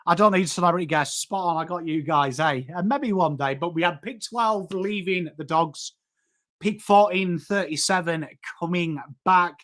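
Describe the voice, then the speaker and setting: Chatty English host with a Yorkshire accent, fairly high voice, laddish and informal. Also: male voice, normal speed, fairly bright tone. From England. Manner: chatty and matey, greets chat by name, swears. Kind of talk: live-stream sports chat.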